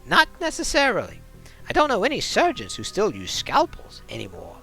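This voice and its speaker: A wry, talkative dwarf coroner from a video game, his voice pushed high and bouncing through a wide, lively range, as a man puts him on. The tone is gravelly, and he explains grim details with dry irony. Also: normal speed, soft background music, full character voice, low-quality recording. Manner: talkative, dryly ironic.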